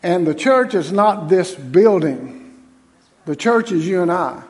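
A man's voice: high-pitched, lively intonation, measured pace, a little mellow. A man, an associate pastor giving a conversational, folksy sermon to his congregation in a church. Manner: conversational, folksy, with many restarts and asides to the congregation. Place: church sanctuary.

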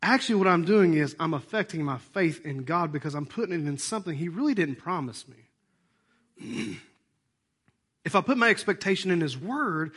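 Male pastor, hoarse and animated, high-ish voice, preaching to his church. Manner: animated, acts out voices and asides. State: hoarse, voice worn out. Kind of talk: sermon.

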